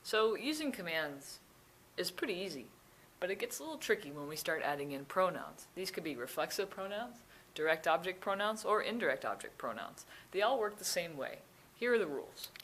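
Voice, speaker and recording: A woman's voice: on the low side, sing-song, fairly quick, fairly bright tone. A young woman teaching grammar, explaining the rules patiently, step by step. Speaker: Spanish teacher. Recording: echoey room, faint noise.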